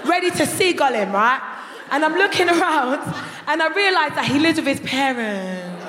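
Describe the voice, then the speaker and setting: A woman doing a live stand-up set on stage, telling crude stories in a brash, animated way. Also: high voice, moderate pace. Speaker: guest stand-up comedian. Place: large concert hall stage. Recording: echoey hall, live crowd noise. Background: live audience laughing.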